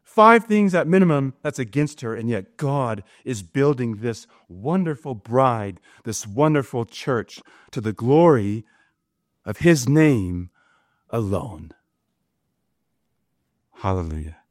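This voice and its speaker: A man preaching a sermon, slow and emphatic, often asking his listeners rhetorical questions. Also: medium pitch, expressive, no room sound, studio quality. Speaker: pastor.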